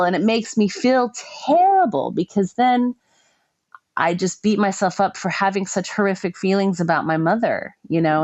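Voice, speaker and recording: A middle-aged woman telling a painful personal story with emotion, pausing and restarting often. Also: sits low, no echo. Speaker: guest sharing her story. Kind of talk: personal testimony.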